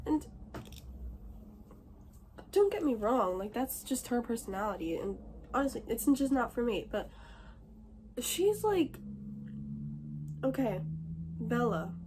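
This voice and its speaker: A teenage girl with a somewhat high voice records a casual book vlog on her phone. She is candid and dramatic, going from hushed whispers to loud griping. Faint background noise sits under the recording. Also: rough recording. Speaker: book vlogger. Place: bathroom.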